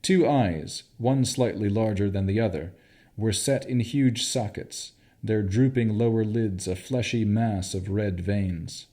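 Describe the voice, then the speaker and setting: A man narrating a fantasy audiobook in a measured, expressive way. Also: fairly low pitch.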